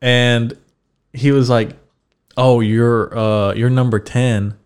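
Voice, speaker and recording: A man's voice: mid-range voice, steady tone, takes it slowly, smooth. A young man hosting a podcast, telling a story in a casual, laid-back way. He swears freely and laughs as he talks. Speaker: podcast host.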